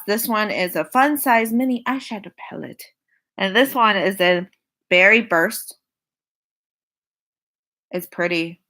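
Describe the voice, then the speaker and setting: Her mid-range voice is bright and forceful as this young woman in her twenties chats through a makeup wishlist for her vlog. It's a casual product rundown, full of repetition, with sighs and laughter between each item.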